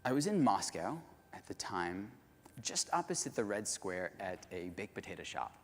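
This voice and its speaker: Male keynote speaker, lively storytelling delivery, hall reverb. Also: sits low, moderate pace, slight background noise. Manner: animated, addresses the audience directly. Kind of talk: storytelling conference talk. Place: large conference hall.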